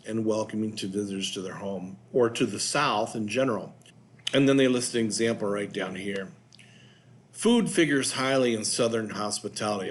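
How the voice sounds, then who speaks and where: A man hosting a video, reading notes aloud and adding loose asides with fillers. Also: medium pitch. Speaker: host. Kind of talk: casual narration reading from notes.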